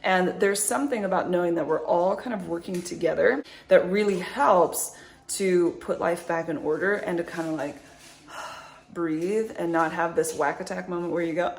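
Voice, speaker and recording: A woman's voice: lowish voice, moderate pace, vocal fry. A woman in her thirties chatting casually to her viewers in a vlog, upbeat and rambling, with lots of likes and ums. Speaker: vlogger, mother.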